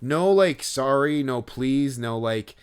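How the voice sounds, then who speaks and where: A man's voice: mid-range voice, lively intonation, takes it slowly, clean tone. A man co-hosting a podcast, telling a story in casual chat, rambling and hesitant with many fillers and restarts. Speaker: podcast co-host.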